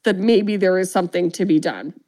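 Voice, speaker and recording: A podcast co-host with a warm, lowish voice speaks a little fast in a casual movie recap chat. She animatedly retells a film's plot and acts out the characters' lines.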